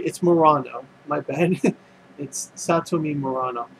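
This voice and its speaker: A man's voice: a little high, measured pace, vocal fry, fairly bright tone, slight background noise, poor audio. A man casually recapping an anime episode, rambling and full of fillers and restarts. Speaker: anime reviewer.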